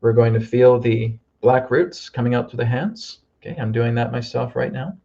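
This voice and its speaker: Gravelly man guiding a healing meditation. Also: medium pitch, steady tone, warm tone, lo-fi sound. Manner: slow, soothing instructions with frequent "okay?". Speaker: healer leading a group healing.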